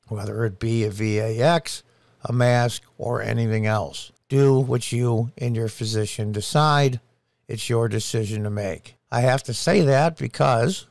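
Middle-aged guy ranting his opinions, emphatic, slows down to hammer points, dry close sound. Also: mid-range voice, a little mellow, no room sound. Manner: indignant, emphatic, punches key phrases slowly. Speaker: political commentator. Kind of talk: opinion commentary.

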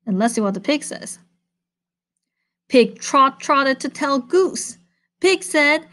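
A woman reading a children's picture book aloud at bedtime, playful and animated. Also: fairly high pitch, slow.

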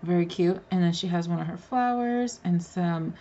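A woman's voice: on the low side, normal speed, warm tone, muffled recording, slight background noise. A woman casually showing off handmade crafts in an unboxing vlog, gushing and muttering little asides as she handles the pieces. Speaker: crafter revealing a card swap.

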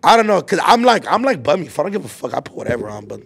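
A man's voice: on the high side, very animated, racing, gravelly, husky. A man in his twenties hosting a casual chat, telling a rambling story full of slang and filler words. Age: 20s. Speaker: podcast host.

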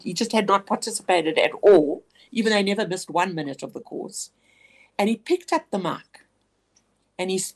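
A woman's voice: on the low side, vocal fry, a little mellow. A woman guest on a radio interview telling a personal story, reflective and earnest, often restarting her sentences.

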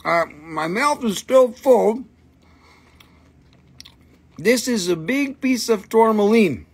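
Slow, gravelly man joking through a live sale. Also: sits high, lively intonation. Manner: playful and joking, chatting to his dogs. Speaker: host selling minerals on a live stream. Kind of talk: casual live sales chat.

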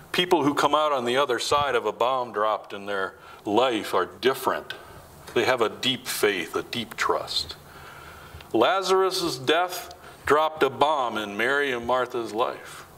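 A man preaching a sermon as pastor, asking his listeners question after question and dropping low and slow to press a point. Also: low-quality recording. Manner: asks the congregation many questions; drops to low, slow, quiet emphasis.

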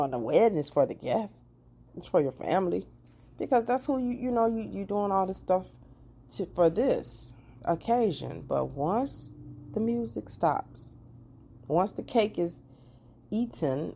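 A woman in her forties, a therapist and life coach, giving casual advice in a chatty, personal way with animated asides to the viewer. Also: low-pitched, gravelly. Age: 40s.

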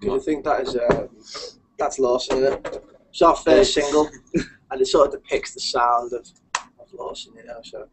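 A man's voice: mid-range voice, fairly even intonation, normal speed, a crowd in the background, poor audio. A young man from England in a band, chatting casually and joking in a hotel room. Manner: jokey, laughs often. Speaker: band member. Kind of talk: casual chat.

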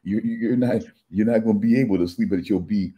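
A man's voice: fairly low pitch, fast talker, warm tone, breathy edge. A man co-hosting a podcast in casual chat, sarcastic and prone to repeating himself. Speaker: podcast co-host.

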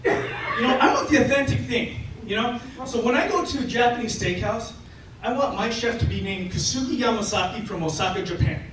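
High, lively male stand-up comedian. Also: a little fast. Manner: animated, acts out voices, laughs often. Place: live stage venue. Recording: echoey venue, distant mic, loud noise.

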